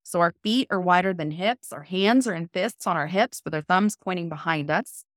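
A woman guest on a podcast interview, explaining a method in a calm, measured, coaching tone. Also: lowish voice, dry recording, studio quality. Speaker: guest, cold immersion method founder.

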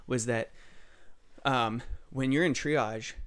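A man's voice: medium pitch, slow pace, a bit bright, clean tone. A young man, an emergency tech, explaining hospital routines in a rambling, self-correcting podcast chat. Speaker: EMS trauma tech, podcast guest. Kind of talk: casual podcast conversation.

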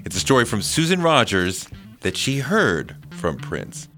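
A man's voice: mid-range voice, very animated, unhurried, fairly bright tone, soft background music. A man introducing his podcast in an enthusiastic, emphatic way. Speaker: podcast host. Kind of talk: scripted show introduction.

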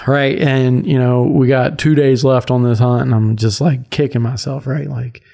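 Man, podcast host, warm mellow tone, rambling casual storytelling, laughs often. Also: mid-range voice, fairly even intonation, moderate pace, vocal fry. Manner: rambling, laughing, full of "like" and "right?".

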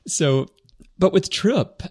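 A man's voice: high voice, lively intonation, takes it slowly, darkish tone, slightly rough. A man from the American South co-hosting a casual podcast discussion, thoughtful and rambling with frequent restarts. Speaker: podcast co-host.

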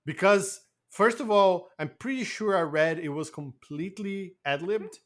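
Portuguese-native guy cohosting a podcast, kinda high voice, animated and jokey, swears casually. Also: unhurried. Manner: animated, joking storyteller who swears casually. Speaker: podcast co-host. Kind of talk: casual chat.

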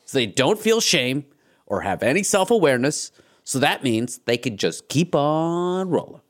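A man's voice: fairly high pitch, sing-song, normal speed. A man hosting a podcast, telling a story in a wry, sarcastic tone. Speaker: podcast host. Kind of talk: casual comedic narration.

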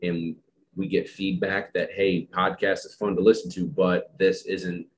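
Low-voiced male podcast host, loose and rambling, self-deprecating humor. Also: flat delivery, measured pace, slight background noise. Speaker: podcast host and dog trainer. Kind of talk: casual podcast chat.

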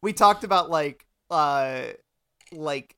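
Bright-voiced man talking on a podcast. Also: on the high side, takes it slowly, clear, resonant tone. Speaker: podcast co-host. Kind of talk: casual podcast chat.

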